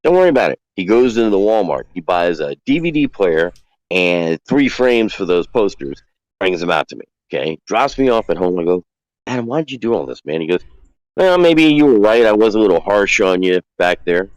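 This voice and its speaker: A man with a low voice tells a winding story, slipping into the voices of the people he quotes. The sound is dry and close, with no room around it. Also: lively intonation, fairly quick, dry recording, poor audio. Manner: rambling, acts out quoted dialogue. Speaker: guest calling in. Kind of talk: casual storytelling.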